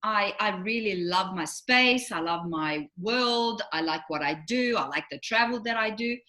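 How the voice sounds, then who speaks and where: A woman's voice: medium pitch, measured pace. A middle-aged woman, a relationship coach, chatting casually and acting out the people in her stories. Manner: animated storyteller, acts out quotes. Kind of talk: casual chat.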